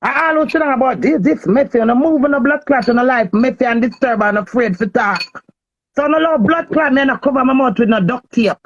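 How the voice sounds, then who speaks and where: A woman's voice: sits high, fairly quick, muffled recording. A Jamaican woman in a heated, cursing, confrontational rant on a phone live stream.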